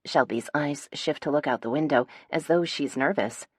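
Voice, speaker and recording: A young woman reads a first-person romance audiobook. Her natural voice sits low, and she lifts it brightly for the chatty friends in the scene. The recording is dry and close, with no room sound. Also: moderate pace, breathy edge, no room sound. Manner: lively, voicing bantering friends with raised pitch. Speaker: audiobook narrator.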